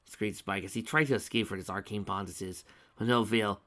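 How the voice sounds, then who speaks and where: A man's voice: lowish voice, fairly even intonation, a little fast, pushed and bright. A man dramatically reading fan fiction aloud, breaking off with exasperated sarcastic asides. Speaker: fanfiction reader.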